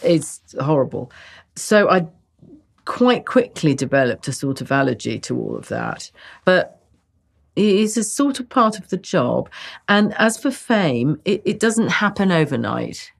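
A woman in her sixties, a guest in a relaxed interview, talking in an animated way with restarts and wry self-mockery. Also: deep voice, a little slow, gravelly. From Britain. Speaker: guest actress.

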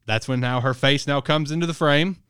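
A man's voice: a little high, a little fast, fairly bright tone, smooth, no room sound, studio quality. A man casually recapping a story on a podcast, rambling with lots of fillers and cussing. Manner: rambling, filler-heavy, swears freely. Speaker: podcast co-host. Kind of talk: casual chat reviewing a manga.

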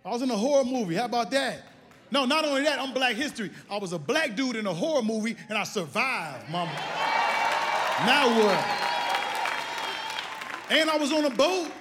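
Man, stand-up comic, very high voice, loud and animated, echoey theater hall, crowd ambience. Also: moderate pace, long pauses, background noise. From Chicago. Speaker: stand-up comedian. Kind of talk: stand-up comedy set. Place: large theater stage with audience.

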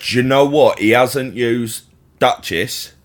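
Man, London accent, podcast co-host, playful, incredulous, mid-pitched. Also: slow. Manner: playful, incredulous, acts out quotes. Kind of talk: casual banter.

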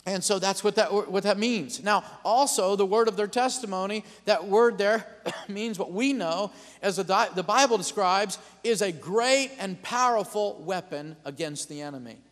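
A man preaching a sermon as pastor, calling out amens and building to loud declarations. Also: high voice, normal speed, in a large hall.

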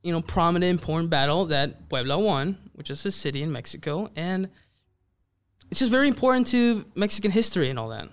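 A man in a casual chat, relaxed and hedging, with many fillers. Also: a little high, a little fast, smooth. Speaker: guest from the international department.

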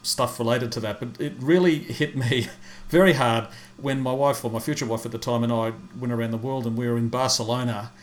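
A man's voice: medium pitch, steady tone, a little fast, hardly any pauses. A man in casual chat, talkative and hesitant, stumbling over his words before he asks a question.

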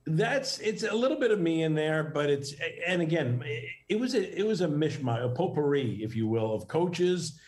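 A man's voice: a little high, expressive, moderate pace, hardly any pauses, darkish tone. A middle-aged man from New York, a guest in a casual interview, talking in a rambling way with many restarts and fillers.

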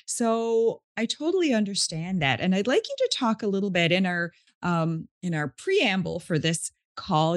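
A woman's voice: lowish voice, dry recording, clean studio sound. A woman hosting a podcast interview, chatty and affirming, who relates to her guest with empathy. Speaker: podcast host. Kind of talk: conversational interview.

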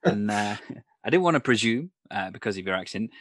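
A man's voice: fairly low pitch, animated, fairly quick, no room sound. A man hosting a casual interview, asking friendly questions and laughing along. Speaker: interview host.

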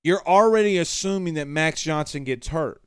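A man hosting a sports show in casual chat, reading out viewer comments in a blunt, animated way with some trash talk. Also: a little high, moderate pace, clean tone, dry recording, clean studio sound.

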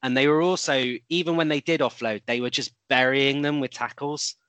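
A man's voice: mid-range voice, steady tone, normal speed, a bit bright, smooth, no room sound. A man co-hosting a casual rugby chat, rambling a little with restarts and fillers. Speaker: podcast co-host.

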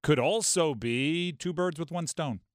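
A man hosting a sports talk radio show, talking in an animated, quick way and dropping into mock voices for bits. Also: fairly high pitch, no room sound, clean studio sound. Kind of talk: casual sports talk monologue.

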